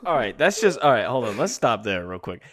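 A man's voice: medium pitch, sing-song, fairly quick, a bit bright. A man in casual chat, chiming in with jokes and reactions.

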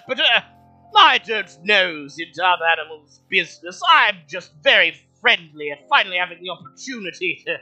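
A man's voice: on the high side, pushed and bright, voice pushed up, heavily acted, low-quality recording. A man voicing a polite, chatty old male camel who uses old-fashioned phrasing.

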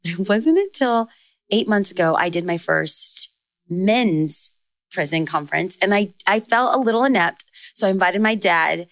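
A young adult woman talking as a podcast guest in casual chat, telling stories in quick bursts and jumping higher when she quotes people. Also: dry recording. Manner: storytelling, fast bursts with excited rises in quoted lines. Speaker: podcast guest, author and speaker.

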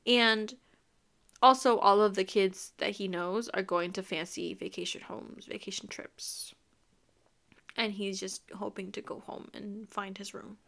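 A woman's voice: mid-range voice, fairly even intonation, moderate pace, vocal fry, a bit bright. A young woman hosting a podcast, talking casually and emphatically about a book, laughing often as she reacts. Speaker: podcast host.

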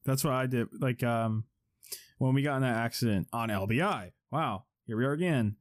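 Podcast cohost, mid pitch, wry jokes, dead dry mic. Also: male voice, moderate pace, no room sound. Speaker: podcast co-host. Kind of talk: casual chat.

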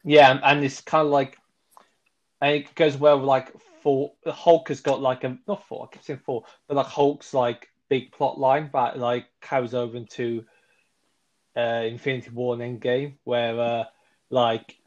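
A man's voice: mid-range voice, little pitch movement, measured pace, lo-fi sound. A man co-hosting a podcast, reviewing films in casual chat, enthusiastic and rambling, correcting himself as he goes. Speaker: podcast co-host.

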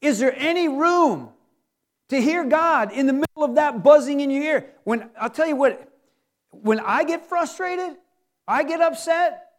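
A man preaching a sermon as pastor, animated, acting out the inner voices of his listeners. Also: very high voice.

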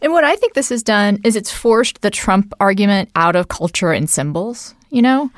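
Brief: woman host, lively chatty political talk, mid pitch, dry close mic. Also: normal speed, no echo. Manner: animated, laughs often, chatty asides. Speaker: podcast host. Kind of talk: casual political conversation.

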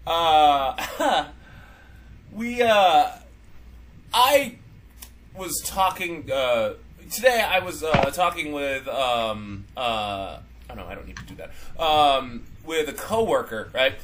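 A man's voice: a little high, lively intonation, extremely slow, pauses often, fairly bright tone, low-quality recording. A man co-hosting a casual podcast chat, rambling with lots of fillers and restarts. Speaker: podcast co-host.

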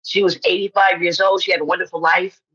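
A woman in her fifties, an actress guest on a podcast, telling personal stories in an animated way and acting out the voices of people she quotes. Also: lowish voice, fast talker, breathy edge, highs cut off. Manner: animated storyteller who acts out quoted voices. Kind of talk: personal storytelling in conversation.

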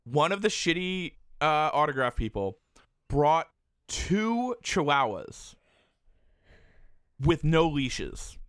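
Man, bright voice, lively swooping pitch, chatty profane storytelling, dry close sound. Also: takes it slowly, pauses often, clear, resonant tone, dry recording. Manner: animated, profane, heavy use of "like". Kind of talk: casual storytelling chat.

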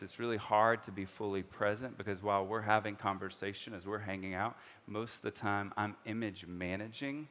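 A man preaching a sermon in a conversational way, full of fillers, acting out the scripture dialogue and swinging from soft, slow passages to loud, excited ones. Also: on the low side. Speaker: pastor.

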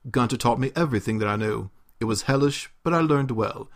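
A man's voice: mid-range voice, fairly quick, close to an everyday voice. Man putting on a prim scolding British butler. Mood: condescending. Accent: bad put-on British. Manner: curt, scolding, condescending. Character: stern prim male butler, former noble.

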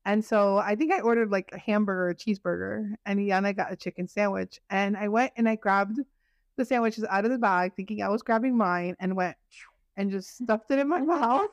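A young woman with a gravelly edge to her voice tells stories in a relaxed, giggly way as a guest on a friend's podcast. Her voice sits close and dry on the mic. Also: medium pitch, fairly quick, no echo. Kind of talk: casual chat with a friend.

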